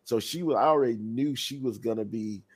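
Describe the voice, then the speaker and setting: Guy rambling excitedly on a podcast, ordinary pitch, lots of you knows. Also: a little fast, slightly rough. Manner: enthusiastic, rambling with many fillers. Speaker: podcast co-host. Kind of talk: casual chat.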